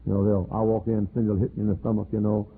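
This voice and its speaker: Older husky preacher on tinny tape. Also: male voice, level tone, very fast. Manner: folksy storytelling preacher, acts out quoted voices with sudden high pitch jumps. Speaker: pastor. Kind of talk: sermon. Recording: tinny lo-fi archival sermon tape.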